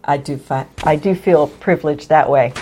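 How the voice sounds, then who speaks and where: A woman's voice: low-pitched, a little mellow, slight background noise. A woman co-hosting a show with her husband, chatting casually and teasing him. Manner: teasing, quick affirmations. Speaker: podcast co-host. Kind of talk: casual chat.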